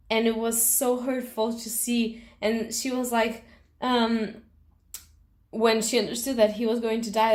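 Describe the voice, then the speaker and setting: Young woman vlogging about a book, all worked up and swearing, super casual. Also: mid-range voice. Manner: emotional, gushing, swears freely. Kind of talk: casual reading reaction vlog.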